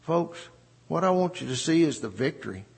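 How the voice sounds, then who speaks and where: A man preaching a sermon, emphatic and repeating phrases for stress, with a husky voice. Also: a little high, sing-song, normal speed, big-room sound.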